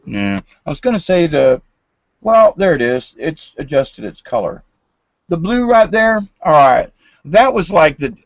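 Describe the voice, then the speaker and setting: A man's voice: medium pitch, dry recording. An older man, rambling folksy and meandering through a late-night monologue at home. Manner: folksy, meandering, drops to whispers. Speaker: vlogger. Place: home room, lights turned down. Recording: dull lo-fi sound.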